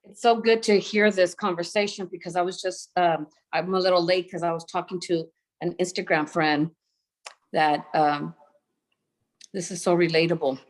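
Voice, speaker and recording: A woman's voice: lowish voice, steady tone, normal speed. A woman in her fifties sharing thoughtfully on a group video call, with many hesitations. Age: 50s.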